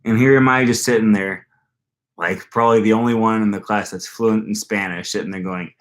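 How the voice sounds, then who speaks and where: A man's voice: lowish voice, steady tone, fairly quick. A young man hosting a casual live stream about learning languages, rambling with plenty of fillers and restarts and reading viewer comments aloud. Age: young adult. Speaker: language-learning channel host.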